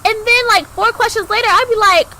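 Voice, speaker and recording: A young woman co-hosting a podcast, telling a personal story in a chatty way, acting out the voices of people in it with big jumps in pitch. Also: fast, heavy background noise. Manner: animated, acts out quoted dialogue with big pitch jumps; chatty, heavy use of "like" fillers. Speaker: podcast co-host.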